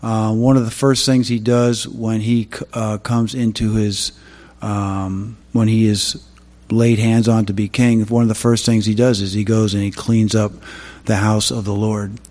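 A man giving a sermon, opening with prayer and then telling Bible stories in a halting way with many fillers. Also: lowish voice, flat delivery, darkish tone, in a large hall. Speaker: preacher.

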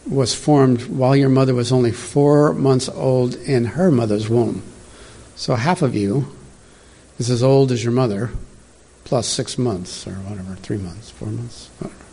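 A middle-aged man delivers a loose, conversational sermon to a room of churchgoers, drifting into tangents and chuckling at himself. His voice is husky and sits at an ordinary, middle pitch. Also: warm tone. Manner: chatty, digressive, laughs at own asides. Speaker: preacher. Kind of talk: informal sermon.

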